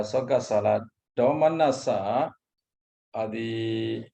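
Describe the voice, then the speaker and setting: A man teaching as a Buddhist monk, lecturing on a Pali text, repeating terms and pausing often. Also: medium pitch, creaky, mellow. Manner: slow, repeats Pali terms, frequent hesitations.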